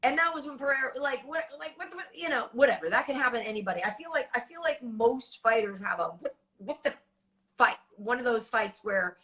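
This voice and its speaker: Bright high-voiced female host. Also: animated, fairly quick. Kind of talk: casual chat.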